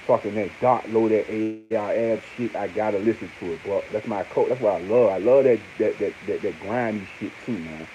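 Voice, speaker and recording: Man, casual commentator, animated and slangy, warm mellow tone, muffled with light hiss. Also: brisk, hardly any pauses. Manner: animated, swings to high exclaims, heavy slang and repeated fillers. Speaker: online commentator. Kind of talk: casual monologue on hip hop news.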